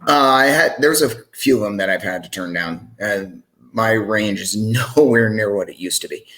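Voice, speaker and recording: Low-voiced man telling a lively story. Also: moderate pace. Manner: animated, acts out the voices in the story he tells. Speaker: singer and sound engineer. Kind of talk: casual storytelling in a podcast interview.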